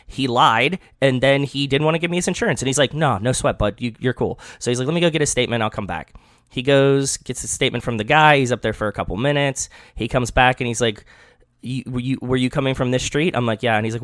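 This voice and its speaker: A man's voice: mid-range voice, dry recording, clean studio sound. Profane storytelling podcast man. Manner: profane, animated storytelling with voiced quotes. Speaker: podcast co-host. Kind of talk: casual chat.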